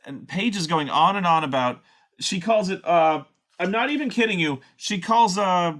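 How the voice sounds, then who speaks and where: A man's voice: sits high, fairly bright tone. A man ranting sarcastically about a wrestling show, exasperated and swearing often. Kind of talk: profane ranting commentary.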